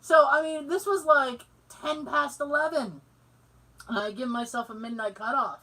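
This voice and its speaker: A woman's voice: high-pitched, normal speed, sharp tone, rough recording. A woman co-hosting a podcast. She tells stories in casual chat, laughs often, acts out the voices she quotes and swears freely. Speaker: podcast co-host.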